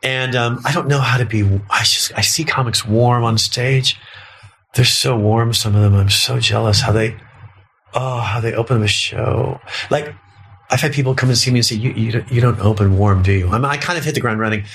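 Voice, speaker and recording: A man's voice: mid-range voice, fairly even intonation, moderate pace, fairly bright tone, a little hiss or hum. A man, a stand-up comedian talking bluntly and profanely as a podcast guest, slipping into mocking quoted voices. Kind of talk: casual podcast conversation.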